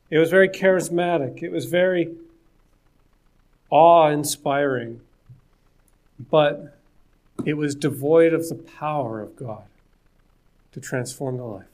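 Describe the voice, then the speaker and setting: A man preaching a sermon in an earnest, conversational way, with jokes and asides to the listeners. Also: a little high.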